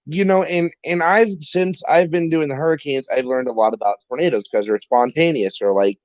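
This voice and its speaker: A man's voice: on the high side, moderate pace, darkish tone, no room sound. A man co-hosting a casual livestream chat, rambling and joking with lots of swearing. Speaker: co-host. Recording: dull lo-fi stream audio.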